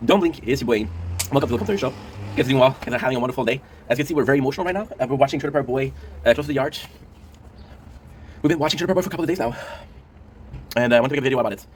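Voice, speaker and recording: A man's voice: medium pitch, rapid-fire, pauses often, a little hiss or hum. A man in his thirties hosting a casual commentary show, rambling emotionally with lots of fillers and swearing. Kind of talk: casual chat to camera.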